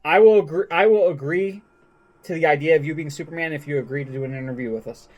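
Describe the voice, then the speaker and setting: An easygoing man with a fairly high voice co-hosts a casual podcast chat. He banters with his partner and keeps nudging the talk along. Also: fast talker. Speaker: podcast co-host.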